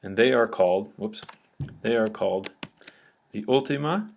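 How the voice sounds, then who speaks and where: A man's voice: fairly low pitch, normal speed, gravelly, a little hiss or hum. A man teaching a recorded grammar lesson, explaining step by step and often checking in with "okay?".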